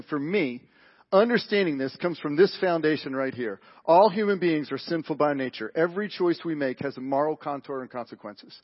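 Emphatic, husky-voiced male preacher. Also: fairly high pitch, normal speed. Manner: emphatic, rhetorical questions, big swings in loudness. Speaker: pastor. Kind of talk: sermon. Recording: muffled lo-fi live broadcast.

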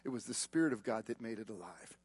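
A male pastor preaching a sermon, telling personal stories with repeated words and shifting from loud emphasis to hushed tones. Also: lowish voice, expressive, breathy edge. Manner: storytelling with repeated words and quick asides. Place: church.

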